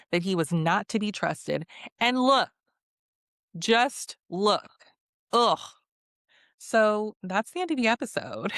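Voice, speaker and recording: A woman's voice: mid-range voice, a bit bright, dry recording, clean studio sound. A woman hosting a casual recap vlog of a reality show, talking bluntly and sarcastically, swearing and laughing often.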